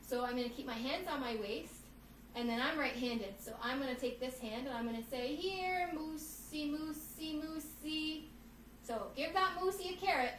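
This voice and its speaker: Playful female kids' yoga teacher, high voice, mic set back in a roomy space. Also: brisk, distant mic, slight background noise. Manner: animated, playful, addresses children as friends. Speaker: children's yoga instructor. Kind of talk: storybook reading with guided kids' yoga. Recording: echoey room, voice off-mic.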